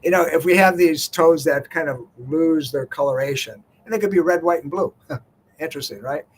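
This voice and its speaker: A man's voice: a little high, normal speed, a little hiss or hum. Chatty radio health host, older man. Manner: folksy, conversational, many "you know" fillers. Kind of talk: talk radio monologue.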